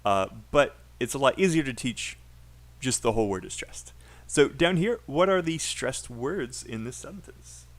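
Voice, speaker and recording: A man with a British accent teaching an online English speaking class, repeating phrases slowly for learners to copy. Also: medium pitch, animated. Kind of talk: livestream pronunciation lesson.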